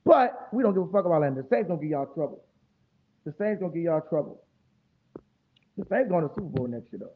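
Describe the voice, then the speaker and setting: Fired up guy with a high voice ranting about his team, cussing a lot, sounds like it's over a phone line. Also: quick pace, pauses often, a little hiss or hum. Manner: animated, profane trash talk. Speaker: fan show host. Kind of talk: casual sports talk stream. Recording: tinny phone-like audio.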